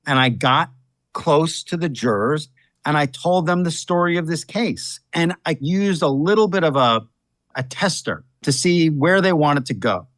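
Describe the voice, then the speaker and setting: A man's voice: on the high side, lively intonation, a bit bright, dry recording. Dry, storytelling man, a defense lawyer. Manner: storytelling, measured. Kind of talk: interview answers.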